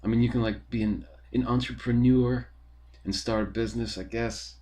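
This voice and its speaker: A man's voice: medium pitch, steady tone, moderate pace, a little mellow. A young man, talking in a rambling, profane, casual monologue full of fillers as a podcast host.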